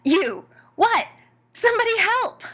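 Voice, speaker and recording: A woman's voice: mid-range voice, sing-song, slow, sharp tone, exaggerated voice. A woman voicing a jumpy young male soldier who yelps and gabbles in a fluster. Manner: yelping, flustered.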